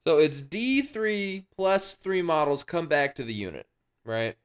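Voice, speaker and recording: A man hosting a wargaming channel, talking casually and playfully, with jokey announcer-style moments mixed into relaxed commentary. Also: a little high, a little slow, clean tone.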